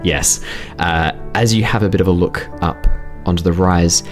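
Deep-voiced playful male game master. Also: fairly even intonation, moderate pace, faint music behind. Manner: laughs often, playful teasing. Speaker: dungeon master. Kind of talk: narrating a tabletop game.

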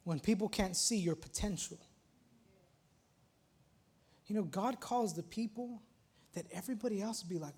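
A man's voice: high-pitched, normal speed, pauses often, a little mellow, slightly rough. A man preaching a sermon as pastor of his church, building in intensity and reading a poem aloud.

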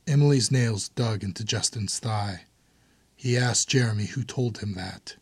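Man, audiobook narrator, low voice, husky, dry close recording. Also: steady tone, moderate pace, no room sound.

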